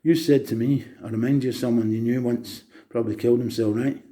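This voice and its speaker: A man's voice: medium pitch, fairly even intonation, fast, warm tone. A man, talking in a rambling, manic monologue that jumps between topics and turns preachy. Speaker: vlogger.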